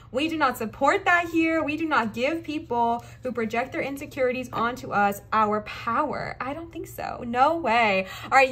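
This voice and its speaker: A young woman from the Southern United States doing a casual tarot reading to camera, chatty and emphatic, piling on encouragement with quick asides. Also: fairly high pitch, fairly bright tone. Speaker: tarot card reader.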